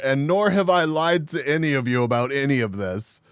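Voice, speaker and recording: A man's voice: mid-range voice, expressive, normal speed, few pauses, a bit bright, smooth, dry recording, clean studio sound. A man live-streaming and chatting casually with his viewers, making crude jokes and laughing often.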